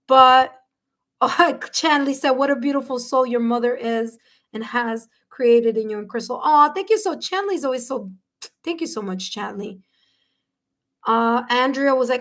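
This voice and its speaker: A woman's voice: fairly high pitch, measured pace. A woman hosting a live tarot reading, talking effusively to viewers and gasping and exclaiming as she reads their replies. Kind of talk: live-stream chat, reading viewer comments aloud.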